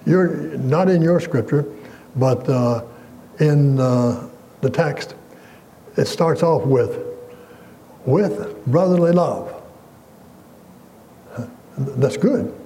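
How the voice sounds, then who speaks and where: A man's voice: on the high side, mellow, a little hiss or hum, low-quality recording. Earnest man preaching a sermon. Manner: earnest, emphatic preaching with scripture quotes. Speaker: pastor.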